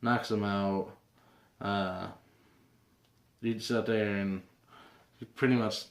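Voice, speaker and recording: A man's voice: lowish voice, steady tone, slow. A young man hosting a casual comic book review vlog, rambling with lots of fillers and restarts. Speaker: comic book video host. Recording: roomy echo.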